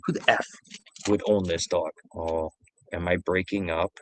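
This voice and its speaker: Low-voiced man rambling profanely. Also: fairly even intonation, measured pace. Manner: rambling, profane, repeats himself. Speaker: streamer telling stories. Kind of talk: casual storytelling.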